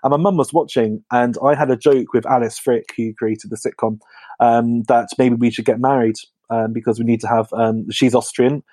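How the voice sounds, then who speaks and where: A man's voice: medium pitch, normal speed, no echo. Chatty English man with a lisp. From England. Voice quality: slight lisp. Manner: chatty, animated storytelling. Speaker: comedian guest. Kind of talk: casual podcast chat.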